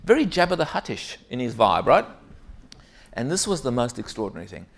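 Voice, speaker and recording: A man's voice: medium pitch, a little fast, gravelly. A middle-aged man giving a conference keynote as an executive coach. He tells stories and keeps checking in with the audience. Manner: lively storytelling, frequent "right?" asides to the audience.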